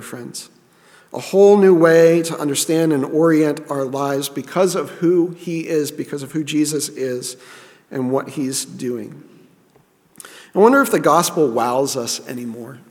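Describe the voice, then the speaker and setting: A man's voice: fairly high pitch, in a large hall. A man preaching a sermon in an earnest, repeating way, often restarting his sentences. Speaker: pastor.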